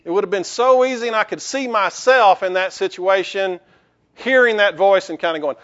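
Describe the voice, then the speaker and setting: A man's voice: high voice, normal speed, a bit bright, highs cut off. A man pastor preaching a sermon in a conversational way, with restarts and rhetorical questions to the congregation.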